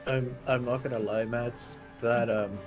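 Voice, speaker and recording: A man's voice: medium pitch, fairly even intonation, unhurried, faint music behind. Man cracking crude jokes in a tabletop game. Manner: crude joking banter. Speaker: player. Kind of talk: casual game chat.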